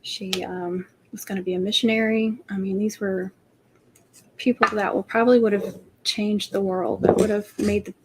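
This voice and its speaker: A woman hosting a craft livestream, chatting in a soft, rambling way. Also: medium pitch, steady tone, normal speed, background noise. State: emotional, near tears. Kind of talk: casual livestream chat.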